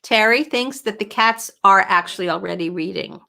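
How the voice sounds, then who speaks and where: A middle-aged woman hosting a casual livestream from home as a writing coach, talking in a chatty, animated way and answering viewer questions. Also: medium pitch, normal speed, vocal fry. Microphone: webcam or computer mic at home.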